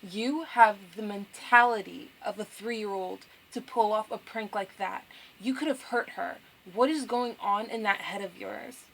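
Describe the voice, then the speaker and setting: A woman's voice: medium pitch, unhurried, creaky, a bit bright, poor audio. A woman voicing an angry, cold teenage boy from a dating game, reading his lines in a harsh, scolding way. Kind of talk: reading game dialogue aloud.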